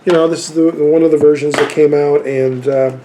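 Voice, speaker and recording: A man's voice: a little high, level tone, fairly quick, background noise. A man in his fifties telling rambling anecdotes in a casual chat about his film collection.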